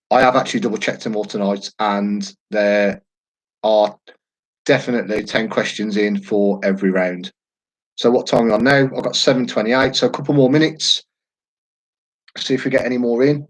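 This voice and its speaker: A man's voice: mid-range voice, low-quality recording. A man, hosting a quiz live from home in a chatty, jokey, rambling way. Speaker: quiz host. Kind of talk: casual live-stream chat.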